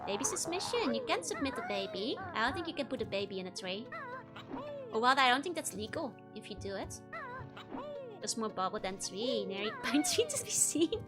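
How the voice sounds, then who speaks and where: A VTuber streamer with a fairly high, sing-song voice plays a video game, talking a little fast. She chats casually with her viewers in let's-play style and giggles a lot, with game music in the background.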